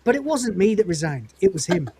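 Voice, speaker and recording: A woman's voice: medium pitch, big pitch swings, brisk, warm tone, slight background noise. A woman voicing a flustered, scruffy young male spacefarer who rambles exasperated self-justifications. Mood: flustered insisting.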